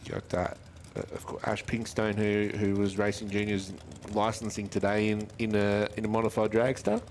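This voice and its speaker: A man calling drag races live, chatty and quick with times and speeds. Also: fairly low pitch, little pitch movement, a little mellow. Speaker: drag racing commentator. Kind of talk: live race commentary. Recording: faint track noise behind.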